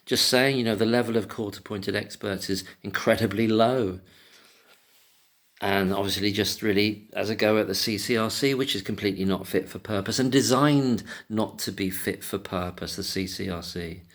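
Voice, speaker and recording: An agitated man rants on his own, swearing freely and tripping over restarts as his words tumble out. His voice sits on the lower side. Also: normal speed. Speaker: commentator. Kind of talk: angry solo rant to camera.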